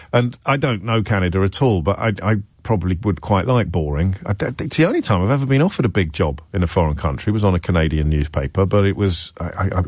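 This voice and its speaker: Wry, chatty radio host, low voice. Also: male voice, a little mellow, no echo, clean studio sound. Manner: chatty, wry, self-deprecating, many restarts. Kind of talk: radio phone-in chat.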